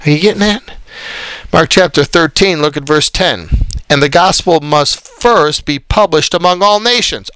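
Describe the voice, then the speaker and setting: A man's voice: high-pitched, expressive, moderate pace, sharp tone, clean tone, no room sound. A man leading a Bible study as a preacher, scolding his listeners and reading scripture aloud in an exasperated tone. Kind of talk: combative Bible study sermon.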